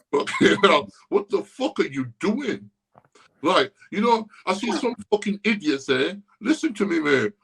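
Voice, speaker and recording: A man telling gym stories on a podcast, swearing constantly and ranting in a loud, worked-up way. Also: a little high, gravelly, breathy edge, poor audio. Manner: profane, ranting storyteller. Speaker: podcast guest. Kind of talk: casual podcast chat.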